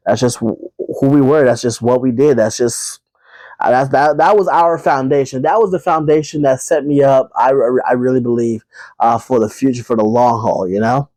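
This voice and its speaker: A man's voice: fairly high pitch, a little mellow, no room sound, poor audio. A man hosting his own podcast, talking casually and straight to his listeners, with lots of fillers and repeated phrases. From Brooklyn, New York. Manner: chatty, addresses listeners as y'all, many fillers and repeats. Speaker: podcast host. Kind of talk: casual solo podcast monologue.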